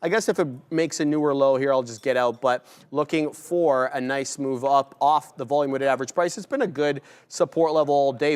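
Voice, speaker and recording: A young man hosts a live day-trading stream in a smooth, mid-range voice. His commentary is brisk and upbeat, with shout-outs to viewers.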